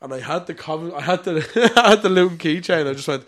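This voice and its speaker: A man's voice: fairly high pitch, animated, fairly quick, fairly bright tone. A young Irish man co-hosting a casual chat podcast, telling stories with frequent laughs and casual swearing. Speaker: podcast co-host.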